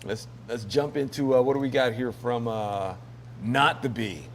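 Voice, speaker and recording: A man's voice: medium pitch, moderate pace, slight background noise. A man hosting a casual news commentary show, rambling and joking with lots of fillers and laughs. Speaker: host.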